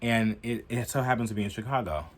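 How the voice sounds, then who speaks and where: A young man giving heated, profane political commentary in a casual vlog, filling his talk with "like" and getting loud as he goes. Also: fast talker, noisy background. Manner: heated and profane, heavy use of "like"; animated, jumping in pitch and loudness.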